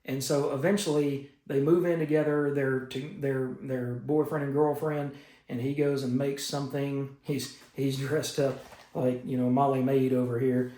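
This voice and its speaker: An enthusiastic man talks through the week's comics in a casual, rambling way, with plenty of fillers. His voice sits at a middle pitch. The room echoes around him. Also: flat delivery, a little slow, mellow. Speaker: comic book reviewer. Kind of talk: casual comic review monologue. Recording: roomy echo.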